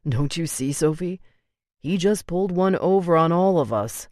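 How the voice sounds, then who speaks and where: A woman's voice: on the low side, lively intonation, moderate pace, darkish tone, no room sound, studio quality, lightly acted. A woman reading an audiobook, voicing a protective young man, the heroine's level-headed but angry older brother, who talks bluntly and swears when riled. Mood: stern.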